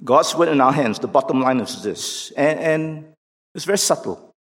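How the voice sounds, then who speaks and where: A man preaching a sermon in an emphatic, deliberate way, pushing questions up almost to a shout. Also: medium pitch, expressive. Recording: long reverb of a large hall.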